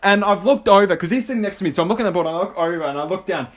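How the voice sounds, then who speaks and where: A man's voice: high voice, rapid-fire. A man co-hosting a casual podcast, telling a school story animatedly and acting out the dialogue between laughs. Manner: animated, acts out quoted dialogue, laughs a lot. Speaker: podcast co-host.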